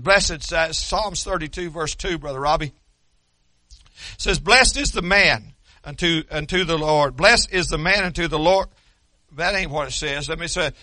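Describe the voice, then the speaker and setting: Folksy older preacher. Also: male voice, on the high side, sharp tone, no room sound. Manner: folksy, joking, preaching with rising fervor. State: losing his voice from yelling. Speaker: pastor. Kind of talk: sermon.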